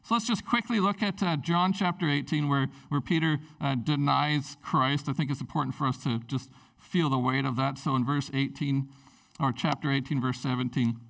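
A man preaching a sermon in a casual, animated way, with lots of fillers. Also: mid-range voice, normal speed, gravelly, far from the mic. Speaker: pastor.

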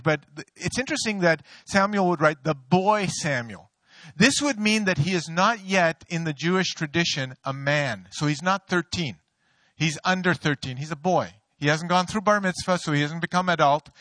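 A middle-aged pastor delivers his sermon in a high, bright voice. He tells stories with a playful, joking touch. The sound is dry and close. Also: no room sound. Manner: storytelling, playful, laughs at own jokes.

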